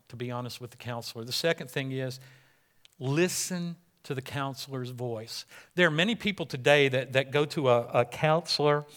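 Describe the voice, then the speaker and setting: A middle-aged man preaching a sermon as pastor, animated and acting out the people he quotes. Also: mid-range voice.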